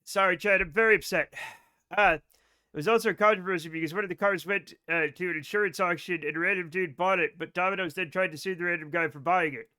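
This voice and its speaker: A man streaming a space game live, chatting excitedly with his viewers and swearing when things go wrong. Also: high-pitched, quick pace. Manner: excitable, swears when frustrated, reads chat aloud. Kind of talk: live gaming stream chat.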